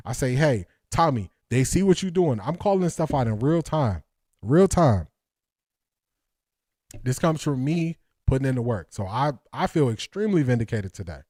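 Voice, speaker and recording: A man with a fairly high pitch and darkish tone hosts a football breakdown livestream, recorded dry with studio quality. His casual commentary is energetic and emphatic, full of repeated lines and frequent laughter.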